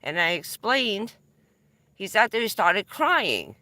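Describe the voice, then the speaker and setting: A middle-aged woman from New Jersey on a vanlife live stream, talking casually and telling rambling, excitable stories with the odd swear word. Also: mid-range voice, slow, no room sound. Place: in or around her van.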